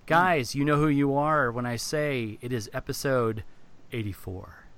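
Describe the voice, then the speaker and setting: Excitable bright-voiced male co-host. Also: medium pitch, measured pace, clear, resonant tone. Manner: excitable, jokey. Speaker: podcast co-host. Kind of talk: casual podcast banter.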